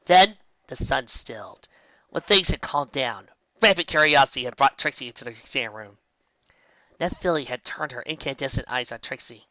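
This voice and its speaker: Animated woman reading a fan story. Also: sits low, normal speed, dry recording. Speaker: fanfiction reader. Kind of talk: amateur audiobook narration. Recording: dull lo-fi home recording.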